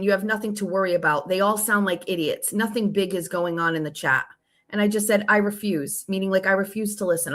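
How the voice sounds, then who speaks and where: On her own show, the host spins a lengthy tale while reading out text messages, her tone casual, sarcastic and full of swearing. Her voice sits at a medium pitch with a bit of brightness.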